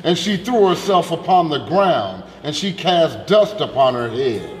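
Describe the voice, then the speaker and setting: A man's voice: on the high side, big pitch swings, unhurried, echoey room, big-room sound, a little hiss or hum. A man reading scripture aloud steadily. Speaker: scripture reader.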